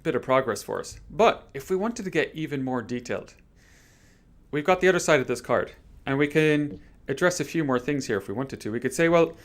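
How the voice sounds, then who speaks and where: A man's voice: mid-range voice, animated, a little fast. A man presenting on a live stream, walking through a planning method in an upbeat, chatty, lightly joking way. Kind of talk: live stream workshop explanation.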